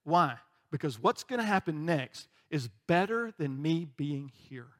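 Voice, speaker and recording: Guy pastor with a fairly high voice, chatty sermon, jokes around and does little voices, keeps saying right?. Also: sing-song, measured pace. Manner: conversational, joking, acts out voices, frequent "right?".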